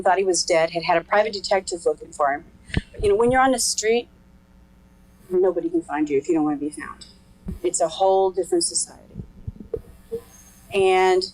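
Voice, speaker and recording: A woman's voice: medium pitch, darkish tone, low-quality recording. Frank middle-aged woman telling her story. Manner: frank, earthy, laughs while telling. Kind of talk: candid personal testimony.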